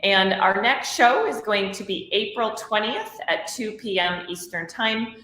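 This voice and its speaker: A woman hosting a show, asking brisk rapid-fire questions and then closing it out. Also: medium pitch, sharp tone, roomy sound, slight background noise, rough recording. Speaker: podcast host. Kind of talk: interview.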